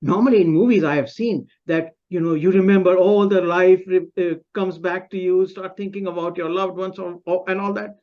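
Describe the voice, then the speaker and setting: A man giving a humorous, self-mocking personal story speech at a club meeting over a video call, pausing and restarting often. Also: high-pitched, steady tone, lo-fi sound. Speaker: club speaker.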